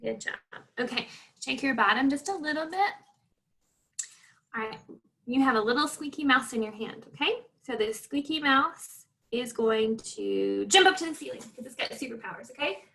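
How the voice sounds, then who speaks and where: Gentle woman instructor for kids yoga, high pitched, slightly off mic. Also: moderate pace, gravelly, distant mic. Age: adult. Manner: gentle, encouraging, talks to a child.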